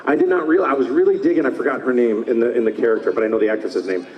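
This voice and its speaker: A man in his fifties, a voice actor talking at a convention panel, enthusiastic and slipping into quick character voices. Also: mid-range voice, far from the mic, lo-fi sound, a little hiss or hum. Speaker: voice actor guest. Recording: roomy hall, mic from afar.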